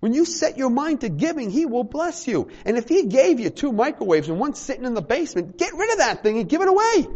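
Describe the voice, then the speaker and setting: A man's voice: very high-pitched, a little fast, hardly any pauses, husky, lo-fi sound. A man preaching a sermon to a small congregation, acting out little dialogues and joking with the room. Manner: animated, acts out little dialogues, jokes with the congregation. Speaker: pastor.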